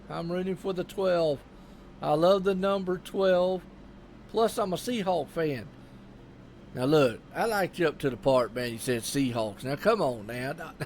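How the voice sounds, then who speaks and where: A man's voice: fairly high pitch, vocal fry, slight background noise. A man with a Southern US accent giving casual, rambling live commentary on a sim race and chatting with viewers.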